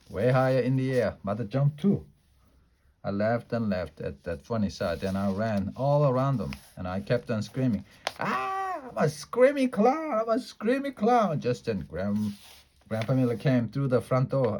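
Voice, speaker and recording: A man with a fairly low voice reads a children's book aloud. He keeps it lively and playful. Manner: lively, playful character voices in a child's first-person story. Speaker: storybook reader.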